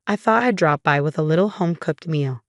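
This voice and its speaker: Woman narrating as a scheming older mother-in-law, sugary, disdainful, low voice, dry sound. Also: lively intonation, a little fast, no room sound. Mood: sugary menacing. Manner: saccharine, disdainful.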